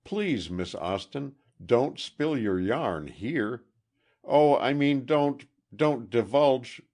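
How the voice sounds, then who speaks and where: A man reading an audiobook, voicing a blunt, excitable teenage boy detective in a raised voice. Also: on the low side, slow pace, voice pushed up, heavily acted. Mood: excited. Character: eager streetwise teen boy detective.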